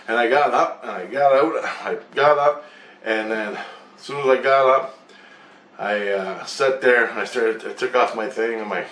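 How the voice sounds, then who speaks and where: A man's voice: medium pitch, moderate pace, fairly bright tone, far from the mic. A man recounts a strange dream in a loose, rambling monologue, swearing freely and going over the same points again and again. He sits a little back from the mic in a room with a noticeable echo. A faint hiss runs beneath his voice. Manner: profane, repetitive, re-enacts others' words in raised voices.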